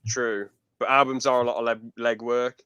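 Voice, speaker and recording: A man's voice: mid-range voice, flat delivery, normal speed, bright, forceful tone, clean tone, no room sound, lo-fi sound. A man hosting a podcast over a video call, chatting casually and rambling as he corrects himself. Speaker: podcast host. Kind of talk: casual chat.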